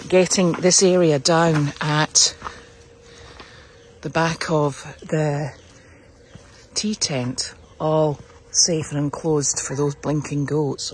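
A woman's voice: low voice, a little hiss or hum. A woman who keeps an animal sanctuary, chatting upbeat in a casual vlog while she walks the paddocks outdoors, filming on a handheld phone. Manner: chatty and upbeat, cooing at her puppy. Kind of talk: casual walk-around vlog. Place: outdoors on a farm, walking the paddocks.

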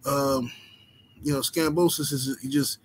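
A man's voice: mid-range voice, fairly even intonation, unhurried, a little hiss or hum, poor audio. Laid-back profane boxing streamer, man. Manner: laid-back, profane street talk with lots of "you know what I'm saying". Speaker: boxing channel host. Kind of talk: casual livestream chat reading the super chat.

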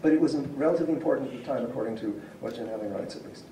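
Male lecturer, mellow hesitant delivery, distant mic, echoey hall with faint room hum. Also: mid-range voice, racing. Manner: hesitant, many fillers and restarts. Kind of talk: academic lecture with slides. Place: civic centre lecture hall. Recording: roomy distant hall recording.

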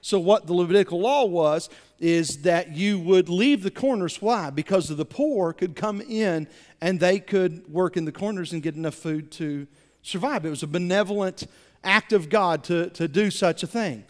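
A male pastor preaching a sermon, animated, repeating words as he builds to his points. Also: high voice, normal speed. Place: church sanctuary. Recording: reverberant church sanctuary.

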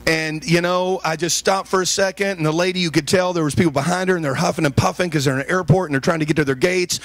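A male pastor preaching a sermon, telling personal stories and calling the congregation for amens. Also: on the high side.

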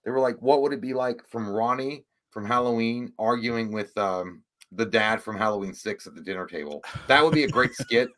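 Man, livestream host, bright tone, rambling, profane, irritable. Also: mid-range voice, moderate pace, hardly any pauses. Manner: rambling, profane, easily frustrated. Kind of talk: casual livestream chat.

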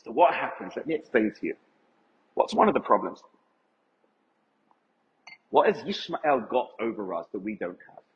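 In an echoey event hall with dull, lo-fi sound, a rabbi gives an emphatic Torah lecture and asks his audience questions. His voice is lowish and swings widely in pitch, moving at normal speed with long pauses.

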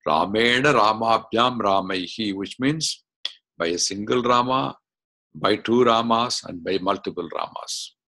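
A man teaching an online class, explaining slowly step by step and asking questions as he goes. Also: fairly low pitch, pushed and bright. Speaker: Sanskrit teacher. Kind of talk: online lesson. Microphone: video call.

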